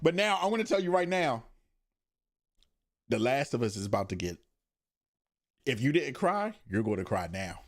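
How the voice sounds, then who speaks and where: A man's voice: medium pitch, normal speed, pauses often. A man hosting a podcast, chatting casually and animatedly about shows and movies, often laughing. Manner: animated, laughing, slangy storytelling. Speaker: podcast host. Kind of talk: casual chat.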